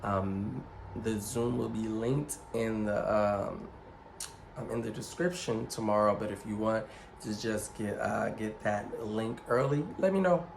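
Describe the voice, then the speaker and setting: Man, ministry teacher, unhurried, gravelly, casual lesson, deliberate. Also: lowish voice, slight background noise, poor audio. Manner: slow, deliberate, spells out letters one by one. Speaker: ministry youth leader teaching Hebrew words.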